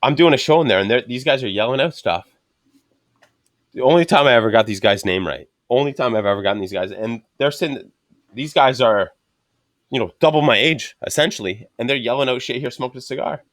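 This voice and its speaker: A man's voice: medium pitch, lively intonation, fairly quick, fairly bright tone, no echo, clean studio sound. A man telling loose, profane stories in a casual chat. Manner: loose, profane, rambling storytelling. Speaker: podcast guest.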